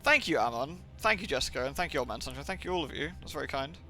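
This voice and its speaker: A man's voice: on the high side, lively intonation, fast talker, sharp tone, faint music behind. A young man from England rambling and swearing on a livestream, with lots of filler words. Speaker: streamer. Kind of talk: livestream gaming chat.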